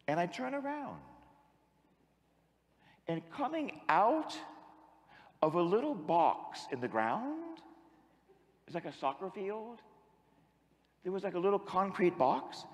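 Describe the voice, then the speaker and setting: Animated male priest preaching in an echoing hall. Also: sits high. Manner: animated storyteller, acting out quotes. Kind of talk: sermon.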